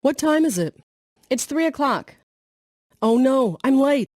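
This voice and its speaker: A woman's voice: high voice, lively intonation, unhurried, darkish tone, no echo, studio quality. A woman reading lines of a scripted practice dialogue in a plain way.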